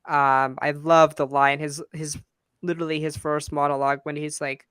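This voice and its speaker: A man with a smooth, resonant voice, pitched a little higher than most, chatting about a film in a relaxed back-and-forth. The sound is dry and close. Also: normal speed, no echo. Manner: relaxed, conversational, asks questions. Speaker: podcast co-host. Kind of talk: casual movie review chat.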